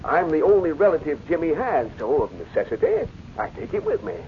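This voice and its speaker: An actor in a 1940s radio drama playing a pompous traveling medicine-show doctor who stammers when flustered. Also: male voice, fairly high pitch, huge pitch swings, brisk, slight background noise. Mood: earnest. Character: smooth-talking traveling medicine-show doctor, middle-aged man. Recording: muffled old radio recording.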